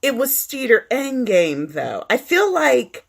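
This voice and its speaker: A woman co-hosting a podcast in casual chat, animated and giggly, often laughing as she retells stories. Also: high voice, slow, vocal fry. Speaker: podcast co-host. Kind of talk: casual chat about fan fiction.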